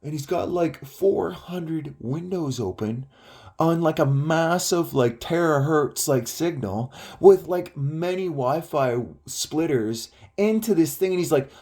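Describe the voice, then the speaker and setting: A man's voice: fairly high pitch, expressive, slow pace, a little mellow. A man telling a personal story in a casual, rambling way, full of filler words and swearing.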